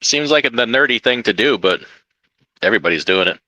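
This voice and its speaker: A man's voice: fairly low pitch, animated, fairly quick, bright, forceful tone, dry recording, poor audio. A man who hosts a trucking live stream, chatting casually and teasing his guest with jokes. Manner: joking, teasing.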